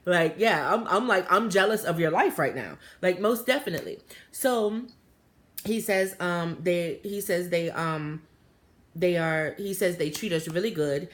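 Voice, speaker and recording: A woman, telling a story to her viewers in a chatty, animated way, full of fillers and asides. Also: low voice. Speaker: vlogger. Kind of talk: casual storytelling to camera.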